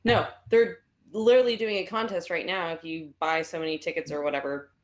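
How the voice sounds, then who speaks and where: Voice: medium pitch, fairly even intonation, a little fast. Teasing, chatty podcast co-host. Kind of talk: casual live-stream chat.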